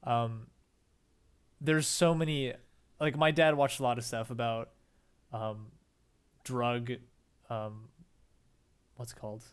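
A man's voice: mid-range voice, steady tone, takes it slowly, pauses often, clean tone. A young man co-hosting a casual podcast chat, rambling with many fillers and restarts. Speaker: podcast co-host.

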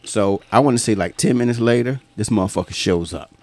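A man's voice: lowish voice, a little fast, darkish tone, dry recording. A man telling funny work stories in a profane, laughing, casual chat, often mimicking people.

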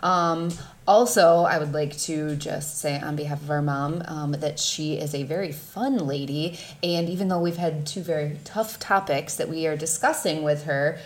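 A woman co-host with a fairly low voice. She talks in an easygoing, supportive manner. Her tone stays relaxed and conversational. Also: moderate pace. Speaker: podcast co-host. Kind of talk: casual chat.

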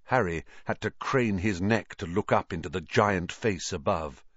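A man's voice: deep voice, moderate pace, a bit bright, slightly rough, dry recording, highs cut off. A man narrating a fantasy storybook expressively and dramatically. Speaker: audiobook reader.

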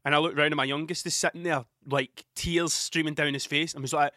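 A Scottish man in his thirties talks into a close microphone in a dry, non-reverberant space. His voice sits a little high and sounds bright and forceful. He rambles, swears often and restarts his sentences. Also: fairly even intonation, brisk. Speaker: podcast host. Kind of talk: casual storytelling monologue.

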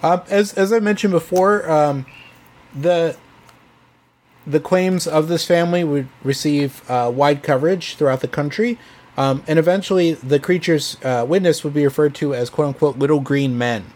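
A man's voice: fairly high pitch, moderate pace, darkish tone. A man co-hosting a casual podcast, presenting a story with many fillers and restarts. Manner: hesitant, filler-heavy, restarts often. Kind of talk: casual chat.

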